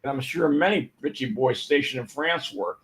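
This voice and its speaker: A man's voice: mid-range voice, normal speed, fairly bright tone, rough recording. An older man giving an informal history talk, telling stories with many fillers and restarts. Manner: storytelling, rambling with fillers and restarts.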